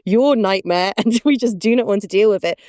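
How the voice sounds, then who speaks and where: Animated woman laughing through her stories. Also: medium pitch, a little fast, dry recording, clean studio sound. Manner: animated storyteller, laughing often. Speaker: podcast co-host. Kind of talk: casual conversational chat.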